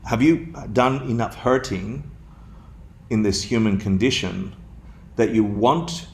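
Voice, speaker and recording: A man from Argentina giving a dharma talk, telling a story in an animated, jokey way and laughing often. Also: on the low side, takes it slowly. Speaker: dharma teacher.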